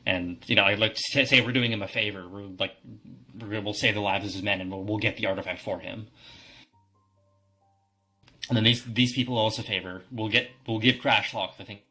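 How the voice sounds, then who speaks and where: A man's voice: fairly low pitch, steady tone, a little fast, sharp tone, faint music behind, rough recording. A man playing a tabletop game who stammers and restarts often. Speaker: player. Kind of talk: in-character tabletop game play.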